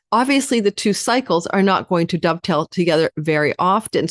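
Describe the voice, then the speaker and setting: A woman astrologer talks quickly and chattily, turning often to address her viewers. Her voice sits on the low side. The recording is dry and close, with no room sound. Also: no echo. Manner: fast-talking, chatty. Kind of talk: weekly astrology forecast.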